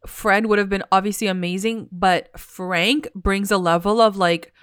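A woman's voice: medium pitch, fairly even intonation, normal speed, fairly bright tone, smooth, dry recording, studio quality. A woman chatting casually about a TV episode, filling her talk with "like" and acting out the characters' lines. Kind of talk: casual TV recap chat.

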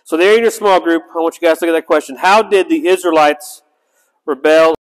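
A man's voice: on the high side, fairly quick. A man teaching a Bible study, reading scripture aloud and breaking into chatty asides that end in "right?". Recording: long reverb in a hall.

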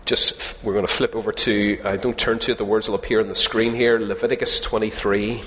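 A man's voice: fairly low pitch, level tone, a little fast, a bit bright. A man preaching a sermon to his congregation, conversational and humorous, often asking them questions. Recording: long hall reverb.

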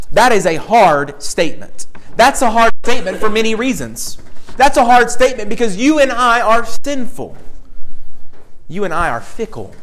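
A man's voice: high voice, fairly bright tone, low-quality recording. A man preaching a sermon with an emphatic, repetitive cadence, stressing key phrases.

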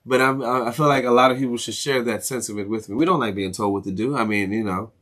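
He's a fast talker with a medium pitch and a fairly bright tone, hosting a casual podcast on his own. The young Maryland man rambles through a swear-heavy rant, restarting himself and laughing frequently.

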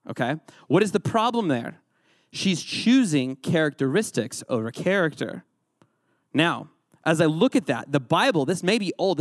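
A man with a voice on the high side teaches an interactive Bible lesson as a youth pastor, throwing quiz questions at his audience and joking along the way. It's a dry, clean studio recording.

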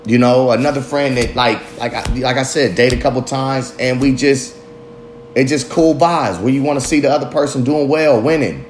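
A man's voice: mid-range voice, moderate pace, slight background noise. A man hosting his own podcast, talking loosely and reflectively in street slang with lots of swearing and rambling asides. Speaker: podcast host. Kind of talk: casual solo podcast monologue.

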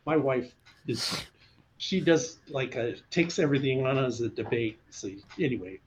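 A man's voice: medium pitch, normal speed, dull audio, a little hiss or hum. An older man, a retired fighter pilot, telling stories in an interview and acting out the voices of people he quotes. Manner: animated, acts out quoted voices in his stories. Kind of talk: storytelling in a conversational interview.

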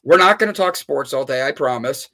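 A man's voice: mid-range voice, lively intonation, brisk, pushed and bright. A man hosting a live stream, chatting casually and playfully with viewers and reacting to their comments. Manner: upbeat, playful, jokey with chat. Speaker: livestream host.

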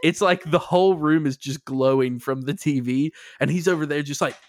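A young man, co-hosting a casual podcast chat, an animated storyteller who laughs often and acts out quotes. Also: a little high, moderate pace, dry recording. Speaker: podcast co-host.

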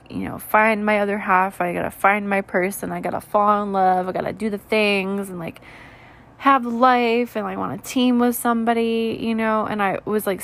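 A tired woman in her twenties, rambling candidly in a soft, low voice during a late-night reflective vlog chat, with lots of "like" and "you know". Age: 20s. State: tired, yawning. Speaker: vlogger.

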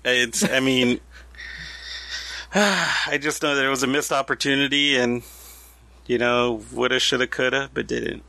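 A man co-hosting a podcast in casual chat, telling stories in an animated, joking way. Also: mid-range voice, unhurried, creaky, pauses often, dry recording. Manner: animated storyteller, jokey. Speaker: podcast co-host.

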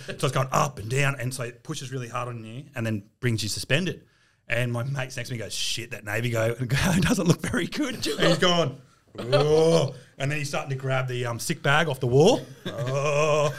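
An Australian man telling military stories in a casual chat, animated and laughing through it, acting out other people's lines. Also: medium pitch.

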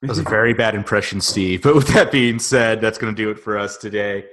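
Male podcast host, Southern Illinois accent, low voice, laid-back and jokey. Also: steady tone, brisk, a bit bright, slight background noise. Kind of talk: casual sports podcast chat.

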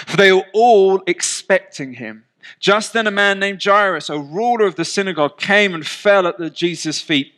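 A male preacher with a voice pitched a little high. He reads scripture and gives its characters' lines some drama. Between readings he talks to the congregation in a loose, joking way. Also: bright, forceful tone. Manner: reads scripture aloud and acts out the quoted lines; conversational and jokey between readings. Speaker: pastor. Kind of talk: sermon.

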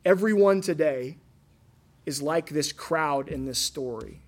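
A man in his thirties preaching a sermon, telling stories earnestly and asking his listeners rhetorical questions, shifting between loud and hushed. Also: on the high side, slow pace. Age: 30s. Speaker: pastor.

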